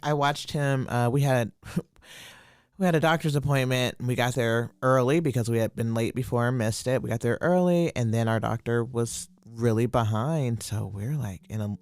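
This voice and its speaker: Very low-voiced woman guest. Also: moderate pace, darkish tone, no room sound. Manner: chatty, storytelling. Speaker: guest comedian. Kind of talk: casual conversation.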